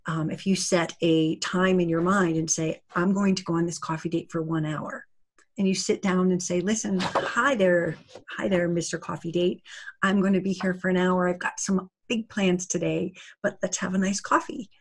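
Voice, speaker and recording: A woman's voice: fairly low pitch, fairly even intonation, normal speed, slight background noise. A woman giving an earnest, conversational talk on setting boundaries, acting out short dialogues as she goes. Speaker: summit speaker on narcissistic abuse recovery. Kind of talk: interview-style talk.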